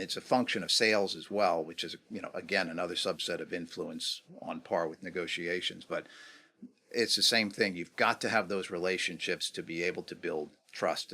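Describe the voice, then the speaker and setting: A middle-aged man from New York, a guest in an interview, telling negotiation stories in a casual, animated way and asking rhetorical questions. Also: deep voice, creaky, husky.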